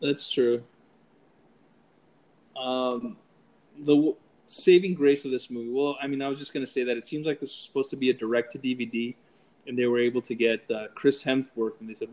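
A man's voice: medium pitch, fairly even intonation, moderate pace, a little mellow, rough recording. A man talks through a movie on a podcast in an easygoing, casual way. He often hesitates and repeats words as he gathers his thoughts. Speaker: podcast co-host. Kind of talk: casual movie review chat.

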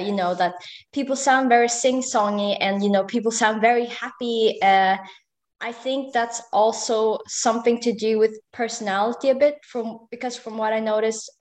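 A young woman from Norway, chatting casually as a guest, hesitant, with many fillers and small laughs. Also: fairly high pitch. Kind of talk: casual conversation.

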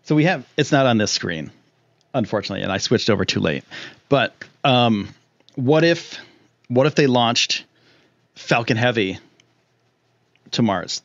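In an unhurried way with long pauses, a young man chats on his live stream, wandering between thoughts amid ums and restarts. He gets excitable, his pitch leaping when he's thrilled. The sound is close, dry and somewhat dull and lo-fi, with almost no room reverb.

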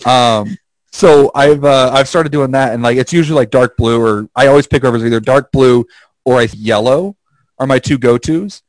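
Medium pitch, normal speed: a podcast co-host swaps stories in a casual chat, cursing heavily and performing the quotes as he goes. The audio is dry and low-quality.

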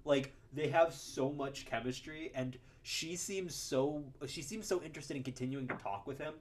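A man co-hosting a podcast, talking about a film in a casual, animated way, laughing often and restarting his sentences. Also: on the high side, normal speed. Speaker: podcast co-host.

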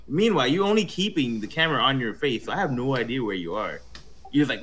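Bright young man with a mocking joke. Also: medium pitch, expressive, fast talker. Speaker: podcast co-host. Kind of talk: casual chat.

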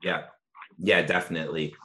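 Bright-voiced chatty podcast host. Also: male voice, low-pitched, level tone, normal speed, reverberant. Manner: chatty, hedging with fillers and jokes. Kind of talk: casual chat.

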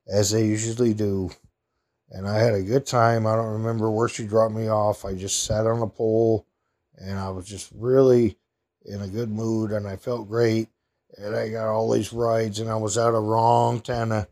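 A man's voice: on the low side, a little mellow. A man telling a personal story in a rambling, heartfelt, casual way.

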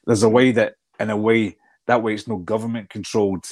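Sweary man, low dry voice. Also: little pitch movement, brisk, a little mellow, no echo. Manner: blunt, passionate, swears a lot. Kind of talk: casual chat.

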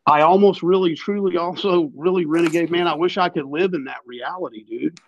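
A man's voice: fairly high pitch, fairly quick, muffled recording, slight background noise. A man hosting a podcast, talking in an emphatic, profane, ranting way. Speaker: podcast host. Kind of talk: casual political chat.

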